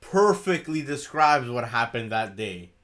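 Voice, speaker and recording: A man co-hosts a relaxed podcast over a video call, his voice sitting at an ordinary middle pitch. He talks in a loose, excitable way, with frequent swearing and easy laughter. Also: a little slow. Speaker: podcast co-host. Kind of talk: casual podcast chat.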